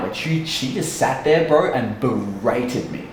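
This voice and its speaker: A man's voice: medium pitch, expressive, unhurried, hardly any pauses, a little hiss or hum. A young man, a dating coach, telling a story casually in a blunt, profane way. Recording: echoey room.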